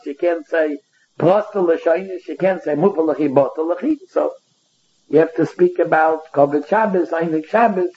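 A man's voice: sits high, muffled recording. A man teaching a Talmud study lesson, reading passages aloud and explaining them line by line.

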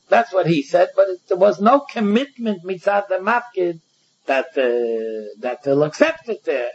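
A man with a Yeshivish English accent teaching a Talmud passage aloud, reading lines and then explaining them, often halting and repeating words. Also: high voice, lively intonation, slightly rough. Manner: halting, repeats words and restarts, reads Aramaic then translates. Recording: dull lo-fi recording.

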